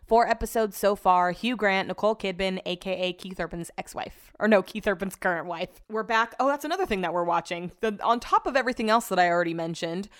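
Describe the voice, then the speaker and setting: Chatty woman podcaster, smooth voice. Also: medium pitch, a little fast, hardly any pauses. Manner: rambling, chatty, swears casually. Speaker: podcast host. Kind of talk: casual solo podcast chat.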